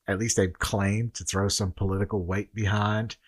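A man co-hosts a casual podcast and talks politics in a blunt, sarcastic way. His voice sits somewhat low for a man. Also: level tone, normal speed. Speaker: podcast co-host.

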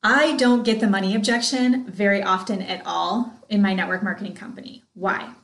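A woman in her thirties, hosting a podcast and coaching on sales in an excited, chatty way, talking straight to her listeners. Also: medium pitch, moderate pace, reverberant. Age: 30s. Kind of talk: casual motivational talk.

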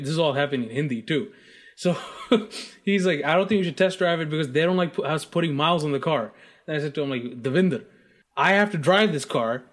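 A man co-hosting a podcast, from the US, telling a casual story full of laughter and swearing. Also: on the high side. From United States. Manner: laughs often, animated and profane anecdotes. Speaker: podcast co-host.

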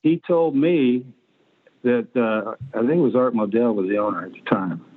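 Man in his sixties, blunt profane storyteller, tinny phone-line sound, mid-pitched voice. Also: moderate pace. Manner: blunt, profane anecdotes with acted-out quotes. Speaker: guest, former pro quarterback. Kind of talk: storytelling interview.

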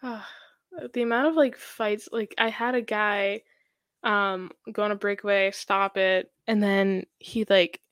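A woman's voice: medium pitch, flat delivery, measured pace, fairly bright tone, clean tone, no room sound, studio quality. A young woman in her twenties, a hockey goaltender guest, chatting casually with many fillers and laughs. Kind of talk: casual podcast chat.

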